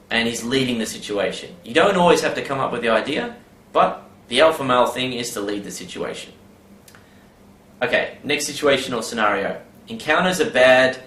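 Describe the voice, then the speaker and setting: A man's voice: mid-range voice, moderate pace, bright, forceful tone. A man giving a casual advice monologue, rambling with many fillers and tag questions. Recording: roomy with faint background ambience.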